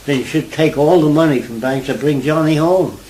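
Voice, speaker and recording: A man's voice: fairly high pitch, brisk, poor audio. Older new guy telling stories in an interview, keeps asking if you get it, bit of room noise. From New York. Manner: animated storyteller, asks listener if they follow. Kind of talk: conversational interview.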